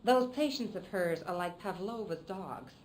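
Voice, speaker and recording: A woman's voice: mid-range voice, normal speed, a crowd in the background, natural voice, poor audio. An actress voicing a chatty, prim hospital staff woman in a video game, gossipy and scolding.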